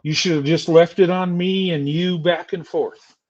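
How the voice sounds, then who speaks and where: A man's voice: a little high, fairly even intonation, moderate pace, a little mellow, highs cut off. An older man streaming a heated, insulting rant at a rival. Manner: angry, insulting, taunting.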